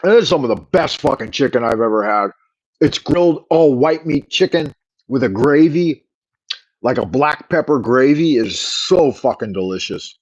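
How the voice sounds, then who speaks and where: A man's voice: medium pitch, expressive, normal speed, low-quality recording. A middle-aged man with a Californian accent, rambling and swearing in an opinionated livestream chat. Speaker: livestream host.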